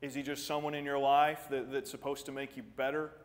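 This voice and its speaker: A man preaching a sermon as pastor, earnest and animated, jumping up in pitch for emphasis and then dropping quiet, often repeating words as he starts a thought. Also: brisk. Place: church sanctuary. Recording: church sanctuary with long reverb.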